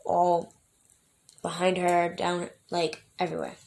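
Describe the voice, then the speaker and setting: A woman's voice: fairly low pitch, monotone, slow, darkish tone. A young adult woman telling her own life story in a vlog, emotional and rambling, with many fillers and restarts. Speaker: vlogger.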